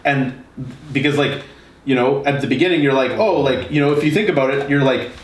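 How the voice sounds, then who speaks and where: A man's voice: mid-range voice, a little fast. A man hosting a casual podcast, talking his ideas through in a reflective way. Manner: reflective, explains ideas step by step. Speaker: podcast host. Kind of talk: casual conversation. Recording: roomy, distant mic with faint background noise.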